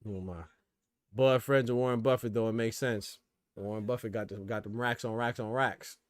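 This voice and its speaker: A man's voice: fairly low pitch, moderate pace, no echo. Slangy man chatting on a livestream. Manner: relaxed, slangy, reads chat aloud. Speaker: boxing commentary host. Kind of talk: casual livestream chat with viewers.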